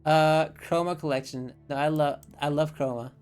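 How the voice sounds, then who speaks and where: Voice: medium pitch, fairly even intonation, moderate pace, a little mellow, smooth, soft background music. A streamer commenting on a game live, blunt and rambling with frequent swearing and laughing asides.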